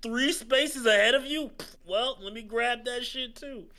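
A man's voice: very high voice, a little slow, bright, forceful tone, voice pushed up, full character voice. A man voicing a smug, cheating male mushroom character from a video game, taunting the player. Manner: cocky, taunting.

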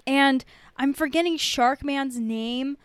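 A woman hosting a podcast in casual chat, bubbly and chatty, quick to laugh. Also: high-pitched, dry recording. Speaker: podcast host.

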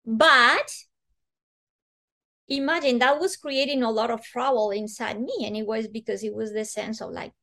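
A woman's voice: on the high side, steady tone, normal speed, fairly bright tone. A woman guest earnestly telling a personal story in conversation, acting out the voices she quotes.

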